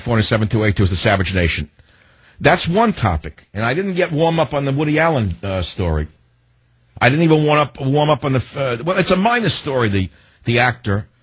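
A male talk radio host tears into his topic with a combative, hectoring delivery. His voice has a slightly husky grain, and he leans on pointed rhetorical questions. The sound is dry and close, as from a studio microphone. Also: medium pitch, no echo.

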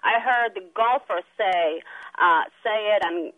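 Hesitant woman caller on a phone line. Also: mid-range voice. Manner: hesitant, halting. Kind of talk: phone-in call.

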